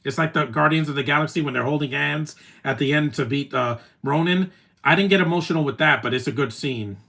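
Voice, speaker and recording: Gravelly-voiced man gushing over a movie. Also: on the high side, a little fast, pushed and bright. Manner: gushing, emotional, rambling fan talk. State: teary, choked up. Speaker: live streamer watching a movie. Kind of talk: casual reaction commentary.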